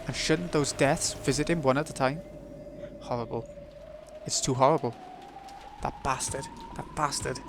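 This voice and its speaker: A man's voice: mid-range voice, normal speed, pauses often, background noise, natural voice. A man reading a visual novel aloud, voicing a grieving, hot-headed young man who makes bitter, defiant outbursts.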